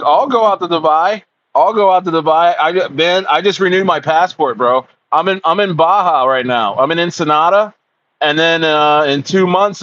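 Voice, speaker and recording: Excitable young man rambling on a stream. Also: a little high, lo-fi sound. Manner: excitable, rambling, says "bro" and "dude" often. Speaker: crypto livestreamer. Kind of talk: casual livestream chat.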